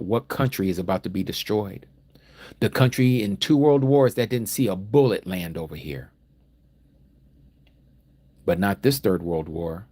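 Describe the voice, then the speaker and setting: An American man teaching a Bible study livestream, preaching emphatically with rhetorical questions and conversational asides. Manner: emphatic preaching that swings from low, slow reading to loud, fired-up exhortation.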